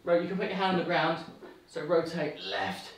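A woman leading a playful home workout from her living room, calling out quick upbeat cues. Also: fairly low pitch, fairly even intonation. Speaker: fitness instructor. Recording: echoey room, distant mic.

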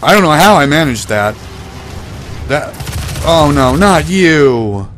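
A man commentating his own gameplay, panicking and swearing through fights, then calming down to chat. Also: on the high side, slow, slight background noise. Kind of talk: let's play commentary.

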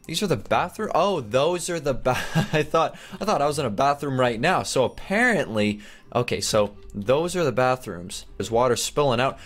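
A young man giving excited game commentary, narrating each move with gasps, laughs and chatter to his viewers. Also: a little high. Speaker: gaming YouTuber.

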